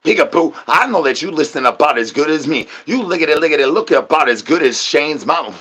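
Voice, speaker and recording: A man's voice: on the high side, animated, a little fast, fairly bright tone, slightly rough. A man hosting his own stream, riffing through a rambling, absurd comedy monologue full of slang and silly repeated catchphrases. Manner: crude, slangy, joking patter with playful repeated catchphrases.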